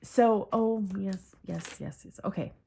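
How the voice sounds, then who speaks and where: A woman's voice: medium pitch, unhurried, vocal fry, mellow, slight background noise. A woman vlogging casually about her journals, rambling and correcting herself as she talks, close to tears. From Michigan, USA. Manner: rambling, self-correcting, many fillers. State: holding back tears. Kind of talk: casual personal talk.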